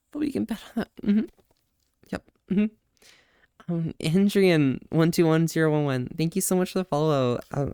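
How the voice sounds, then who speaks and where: A man's voice: a little high, darkish tone, clear, resonant tone, no room sound. Male streamer, casual and flirty, laughs a lot, stammers, dry close sound. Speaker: livestream host. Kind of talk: casual live-stream chat.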